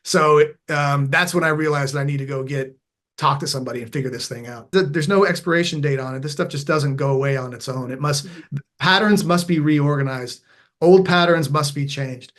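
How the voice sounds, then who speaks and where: With a fairly high pitch and a fairly quick delivery, this podcast guest, a former veteran who now coaches mindfulness, tells an honest story about himself. His manner is earnest and reflective, he frequently restarts phrases, and he becomes animated re-enacting moments from his past.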